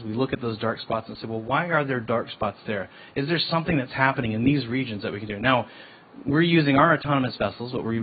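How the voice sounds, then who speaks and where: A man pitches his ocean data company to a panel audience, talking casually and eagerly and tripping over his words now and then. His voice comes through thin and phone-like. A faint hiss sits under it. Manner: casual, restarts words, enthusiastic. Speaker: ocean tech founder presenting. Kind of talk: panel presentation. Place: event hall. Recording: tinny phone-like line with faint noise.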